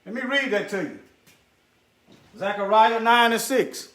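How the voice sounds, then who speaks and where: A man's voice: high-pitched, lively intonation, measured pace, a bit bright, roomy sound. A man giving preachy commentary over a screen share. He talks straight to his viewers, repeats phrases for emphasis, and mutters asides while he searches.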